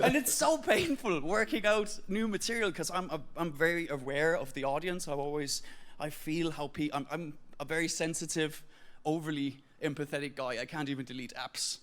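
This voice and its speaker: A man's voice: on the high side, normal speed, fairly bright tone. A Danish man doing stand-up in English with an Irish-tinged accent, self-mocking and acting out voices. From Denmark. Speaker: stand-up comedian. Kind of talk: stand-up set.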